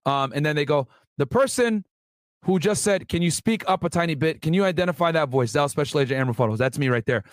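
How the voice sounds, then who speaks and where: A man's voice: on the high side, expressive, fast, dry recording. A man and former federal agent telling a story in a casual vlog, reading out court transcripts with slangy asides to his viewers. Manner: chatty, addresses viewers as guys, slangy asides.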